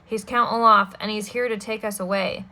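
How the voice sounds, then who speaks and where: A woman voicing a determined young girl who speaks deliberately and earnestly. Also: medium pitch, steady tone, pushed and bright.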